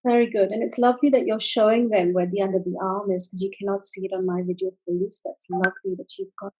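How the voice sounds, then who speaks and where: A woman coaching a guided tapping session over a video call, soothing and full of praise as she gives calm step-by-step prompts. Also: medium pitch, fast talker, slightly rough, rough recording.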